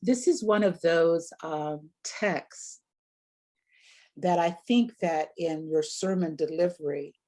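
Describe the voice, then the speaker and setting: Woman workshop leader, warm and low, reflective teaching with rhetorical questions. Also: takes it slowly. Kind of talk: teaching on sermon delivery.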